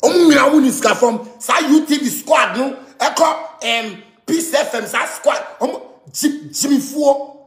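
A man's voice: very high-pitched, normal speed, a bit bright, reverberant. A man with a Ghanaian accent, delivering an angry rant monologue that mixes pidgin with local-language phrases. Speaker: musician.

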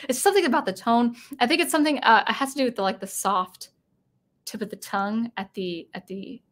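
A woman's voice: on the high side, brisk, fairly bright tone. A woman hosting a casual live-stream chat, talking in a rambling way with many restarts and self-corrections. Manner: chatty and reading viewer comments aloud.

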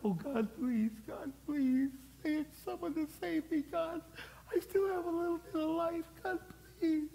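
A man voicing a beaten, dying man crying out high and strained. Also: expressive, takes it slowly, darkish tone, a little hiss or hum, heavily acted. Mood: pleading. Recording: long hall reverb.

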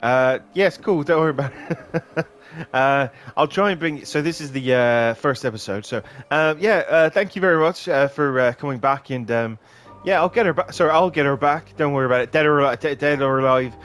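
Rambling gamer with a laugh. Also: male voice, a little high, fairly quick, fairly bright tone. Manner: rambling, joking, swearing, laughs often. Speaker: gaming channel host. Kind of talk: let's play commentary.

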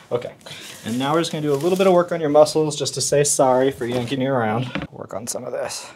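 A male chiropractor talking a patient through treatment in a calm, instructive way with the odd light joke. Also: mid-range voice, brisk, pauses often, a little hiss or hum.

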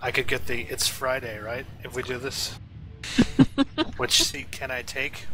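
A man's voice: medium pitch, big pitch swings, slow, heavy background noise. A man chatting casually while playing a game with friends, giggly and playful, swearing freely. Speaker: game streamer. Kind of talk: casual gaming chat.

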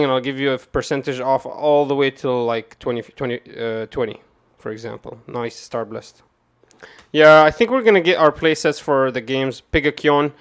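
A man giving casual, rambling commentary to his chat while opening card boxes, swearing and jumping from calm talk to loud rants. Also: medium pitch. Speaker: card game streamer.

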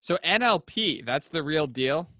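A man hosts a podcast in a bright, forward voice, enthusiastic and effusive, and his phrasing rambles loosely. The sound is dry and close-miked. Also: a little high, lively intonation, unhurried, no room sound. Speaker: podcast host. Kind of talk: casual conversational interview.

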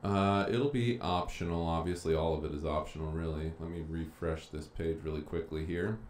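A man with a very deep, a little mellow voice and fairly even intonation talks at a moderate pace during a casual live-stream lesson, chattily thinking aloud as he clicks around his files. Echo and faint noise fill the room.

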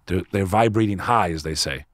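A man's voice: deep voice, normal speed, no echo, clean studio sound. A man in his forties from New York, a podcast guest telling a personal story in casual chat, earnest and confessional, calling the listener bro. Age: 40s.

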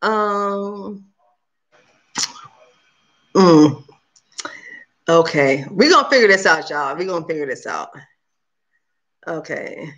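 A woman hosting a livestream, chatting casually with her viewers and talking very fast. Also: fairly low pitch, animated, fairly bright tone. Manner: talks very fast; chatty and upbeat, addresses viewers as "y'all". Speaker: cooking channel host on a livestream. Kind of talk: casual chat with live viewers.

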